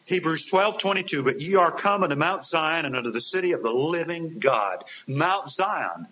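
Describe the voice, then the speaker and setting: A man's voice: fairly high pitch, expressive, moderate pace, few pauses, bright, forceful tone. A man preaching a sermon, earnest, with rising and falling emphasis and rhetorical questions to his listeners. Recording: dull hissy lo-fi recording.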